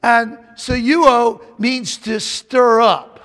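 A man's voice: extremely high pitch, fairly even intonation, drawn-out words, a bit bright. A man preaching a sermon in a fervent, emphatic way, repeating phrases as he builds. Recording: long hall reverb.

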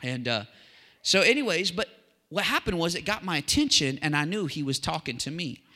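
A man preaching a sermon in a chatty, animated way, full of asides and restarts. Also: on the high side, fairly quick. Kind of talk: casual conversational sermon. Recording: long hall reverb.

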